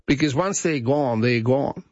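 A man's voice: medium pitch, a little slow, a little mellow, no room sound. A middle-aged Australian man hosting talkback radio, chatting in a rambling way with restarts. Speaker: radio host. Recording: dry, slightly dull studio sound.

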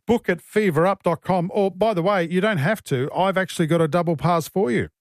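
A man's voice: high voice, a little fast, no room sound. An Australian man hosting a talkback radio show in a studio, chatty, joking and blunt. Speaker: radio host. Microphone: studio mic.

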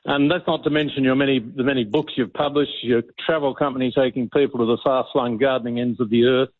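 A man's voice: medium pitch, fairly even intonation, quick pace, no room sound. A man calls in to a radio show, speaking with enthusiasm through a long prepared tribute. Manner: enthusiastic, reads a long list of praise. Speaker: garden industry representative, phone guest. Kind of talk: prepared tribute on a call-in line. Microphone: telephone. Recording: tinny phone line, dry.

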